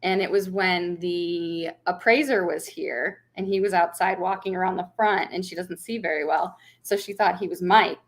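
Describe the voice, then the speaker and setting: A woman's voice: on the low side, fairly even intonation, normal speed, few pauses. Chatty young woman livestreaming. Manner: chatty, laughs often, reads comments aloud. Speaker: vlogger hosting a livestream. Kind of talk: casual livestream chat.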